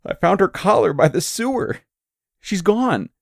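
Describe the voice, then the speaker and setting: A man's voice: sits high, big pitch swings, measured pace, vocal fry, no echo, studio quality, voice pushed up, full character voice. A man voicing a frightened teenage girl who wails and sobs. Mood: grieving. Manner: wailing, broken by sobs.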